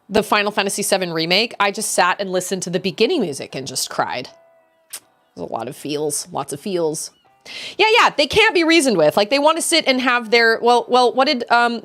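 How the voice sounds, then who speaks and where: A woman's voice: mid-range voice, fairly bright tone. A woman streaming a game, ranting in casual chat and mocking others in sing-song voices.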